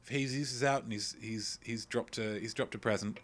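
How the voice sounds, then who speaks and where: Male quiz host, lowish voice, jokey and rambling, streaming from home. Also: fairly even intonation, a little fast, fairly bright tone. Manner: playful, rambling, jokey asides. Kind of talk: live-streamed quiz hosting, reading chat. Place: at home, indoors.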